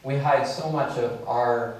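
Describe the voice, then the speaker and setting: Mann erzählt locker in hallendem Saal. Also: male voice, mid-range voice, slow pace, slight background noise. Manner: conversational, many fillers, animated storytelling. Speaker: keynote speaker. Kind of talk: storytelling keynote talk. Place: large lecture hall. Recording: echoey hall, mic from a distance.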